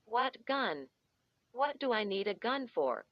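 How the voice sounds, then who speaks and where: A shaken young man asks anxious, halting questions, as a woman reading the story voices him. He is slow and tense. The recording is dull and dry, with no room echo. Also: fairly high pitch, big pitch swings, full character voice.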